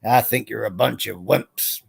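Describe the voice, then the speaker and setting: A man putting on a slow boastful Texan drawl. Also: on the low side, creaky, slightly rough, dry recording, exaggerated voice. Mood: taunting. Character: brash boastful Texan man in a big hat.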